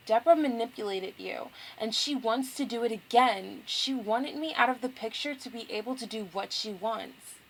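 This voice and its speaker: A woman's voice: a little high, moderate pace, creaky, few pauses, slight background noise, poor audio. A woman voicing a desperate teenage girl heroine from a dating game, reading her lines in a pleading way. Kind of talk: reading game dialogue aloud.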